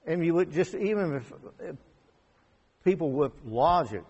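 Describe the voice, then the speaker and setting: A man preaching a conversational sermon. He rises to emphatic peaks and drops to quiet asides. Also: a little high, expressive, unhurried, husky, muffled recording. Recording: long hall reverb.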